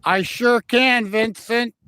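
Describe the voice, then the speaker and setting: Standing on a frozen lake, a livestream host with a voice high for a man chats slowly and cheerfully, greeting viewers by name. His intonation is fairly even and his tone sharp, captured on a phone's built-in mic with wind noise.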